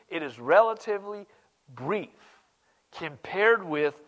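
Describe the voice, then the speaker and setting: A male pastor preaching a sermon, moving from quiet asides to loud, emphatic declarations and repeating key phrases for emphasis. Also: a little high, animated, unhurried.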